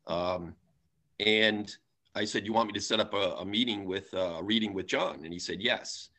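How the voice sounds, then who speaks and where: A man's voice: fairly low pitch, normal speed, pushed and bright. A man who is a guest on a podcast, speaking hesitantly and recounting past conversations step by step. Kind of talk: casual conversation.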